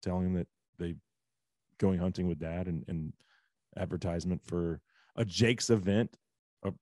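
Deep-voiced ranting man in his forties. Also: steady tone, normal speed, dark tone, dry recording, clean studio sound. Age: 40s. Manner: blunt, ranting, rhetorical questions. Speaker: host. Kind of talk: casual podcast chat.

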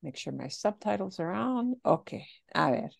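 A woman teaching a language class, explaining phrases patiently and modeling them slowly. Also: mid-range voice, sing-song, vocal fry, breathy edge, no room sound. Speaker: Spanish teacher.

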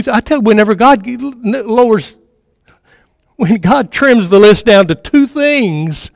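Male preacher, high voice, conversational sermon, repeats lines, long hall reverb. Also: animated, moderate pace, gravelly, clean studio sound. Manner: conversational, repeats phrases for emphasis, drops to a near-murmur. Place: church sanctuary.

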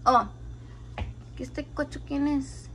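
A woman's voice: high-pitched, fairly even intonation, measured pace. A young woman cooking at home, talking casually and playfully, swearing a lot and switching between Spanish and English. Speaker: home cook vlogger. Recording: noisy home kitchen recording.

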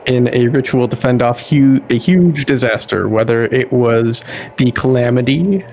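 A man chatting on a gaming stream and reading game notes aloud in a steady, even way. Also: mid-range voice, unhurried, lo-fi sound, slight background noise. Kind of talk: casual gaming chat.

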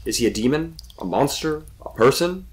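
A man's voice: medium pitch, animated, normal speed, slight background noise, pitched above the performer's own voice, lightly acted. A man playing a young explorer lost in a cave, sarcastic and questioning.

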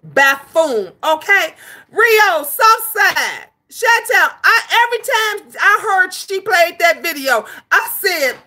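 A woman chats with viewers on her own livestream, her voice high and bright. She is emphatic and animated and repeats herself for effect. She curses freely when she scolds trolls. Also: slow. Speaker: livestream host. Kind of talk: casual livestream chat, answering viewers.

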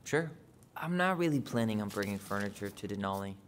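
An actor playing a dry-witted young adult brother in a story game. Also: male voice, on the low side, animated, brisk, a little hiss or hum, close to an everyday voice. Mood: casual. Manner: dry, wry joker.

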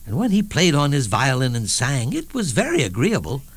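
A man's voice: mid-range voice, huge pitch swings, normal speed, husky, full character voice. An actor playing a witty elderly statesman, telling wry anecdotes in a theatrical one-man stage monologue with chuckling asides. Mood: amused.

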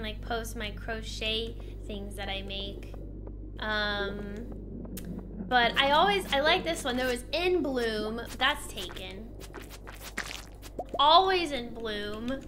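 A woman's voice: a little high, takes it slowly. A young woman streaming a game, chatting casually and rambling as she thinks aloud, with many fillers and restarts. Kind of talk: casual chat while gaming. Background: game music.

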